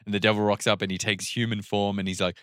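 A man's voice: lowish voice, little pitch movement, fast, a bit bright, clean tone, no room sound, clean studio sound. A man in casual podcast chat, retelling a film plot in a loose, rambling way full of "like". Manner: rambling storytelling, lots of fillers. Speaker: podcast co-host.

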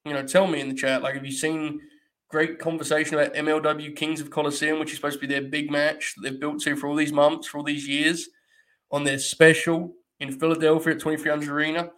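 A man with a slightly high voice talks casually through a live stream. He rambles and jokes with his chat in a wry, offhand way. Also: little pitch movement, a little fast, a bit bright. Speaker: wrestling podcast host.

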